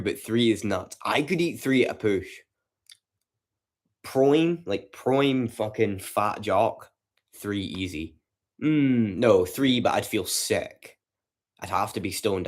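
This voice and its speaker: A man with a deep, low voice rambles to his livestream chat from home late at night. His talk is loose, profane banter, full of swearing and asides to viewers. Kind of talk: casual chat with a livestream audience.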